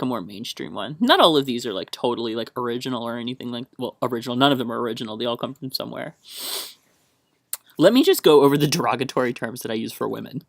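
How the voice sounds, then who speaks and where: A man's voice: mid-range voice, no room sound. A young man from the American South talks on a solo podcast in a chatty, rambling way, laughing often. He sounds wired on caffeine, and his mid-range voice is recorded close and dry. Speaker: podcast host.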